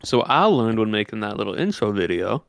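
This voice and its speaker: A male streamer in casual chat who rambles with many fillers and drawls some words out in a put-on Southern voice, recorded on a compressed mic that makes him sound monotone. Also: fairly low pitch, a little fast, creaky, no echo. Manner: rambling, many fillers, explains things loosely. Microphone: desk microphone with built-in compression.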